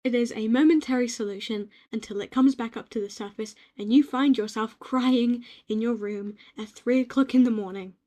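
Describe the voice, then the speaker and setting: A young British woman gently rambling in a soft-spoken ASMR-style note to herself, reflective and quietly affirming, recorded on a home microphone. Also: a little high, normal speed, few pauses. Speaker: ASMR creator.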